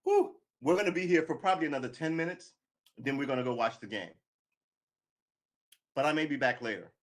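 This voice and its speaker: A man's voice: medium pitch, animated, brisk. A man giving live political commentary, angry and sarcastic, swearing, reading news aloud and cutting in with remarks.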